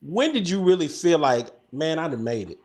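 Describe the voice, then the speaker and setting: A man's voice: on the high side, sing-song, moderate pace, a little mellow. A man co-hosting a podcast interview who asks questions and jumps in with teasing remarks. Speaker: podcast co-host.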